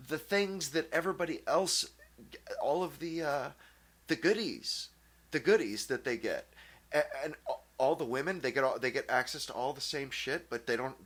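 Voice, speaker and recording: A man hosting his own channel, ranting casually in a blunt, profane way, with many halting restarts and fillers. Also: mid-range voice, a bit bright. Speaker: channel host. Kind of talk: casual opinion rant.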